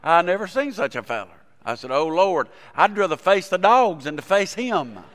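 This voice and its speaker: Male pastor, folksy sermon delivery with fervent peaks, higher voice, reverberant church. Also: sing-song, normal speed, a bit bright. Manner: folksy storytelling, rising to fervent preaching. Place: church sanctuary.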